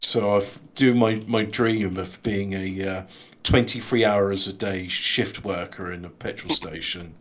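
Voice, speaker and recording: A man's voice: lowish voice, fairly even intonation, measured pace, few pauses, fairly bright tone. Man trading dry wisecracks. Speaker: podcast co-host. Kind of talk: casual chat.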